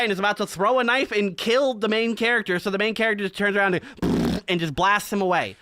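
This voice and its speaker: Bright, high-voiced man telling stories. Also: a little fast, few pauses, no echo. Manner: animated storyteller, acts out characters' lines. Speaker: podcast co-host. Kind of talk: casual chat.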